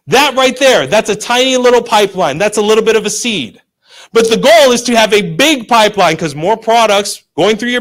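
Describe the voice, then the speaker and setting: A man presenting at a business seminar, giving an emphatic motivational pitch to a live audience. He repeats key phrases, quizzes the crowd and teases them into keeping up. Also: fairly bright tone. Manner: pushy and teasing, tells listeners to stop.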